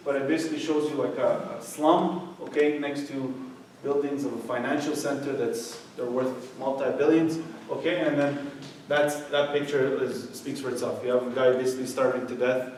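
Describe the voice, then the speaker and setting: A man's voice: fairly high pitch, a little hiss or hum. A middle-aged man giving a conversational church youth talk, often checking in with "okay?". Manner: conversational, keeps asking "okay?". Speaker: youth speaker. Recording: echoey room, voice from far off.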